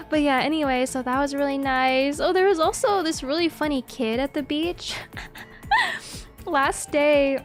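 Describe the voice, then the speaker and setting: A young woman chatting casually as a streamer, giggly and excitable, swearing freely. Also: high-pitched, measured pace, faint music behind. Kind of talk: casual chat.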